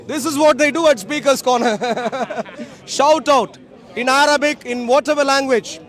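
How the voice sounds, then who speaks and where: A man with a strikingly high voice lectures passersby in an outdoor park. He hammers his points home through emphatic repetition. A faint murmur of the crowd hangs behind him. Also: unhurried, fairly bright tone. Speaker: street speaker. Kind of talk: open-air debate speech to passersby.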